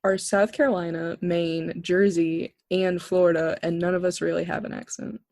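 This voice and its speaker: A young adult co-hosting a college radio podcast, joking and quipping in an animated, casual way. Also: mid-range voice, dry recording, studio quality. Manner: jokey, animated, quick quips. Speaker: podcast co-host. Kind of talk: casual chat.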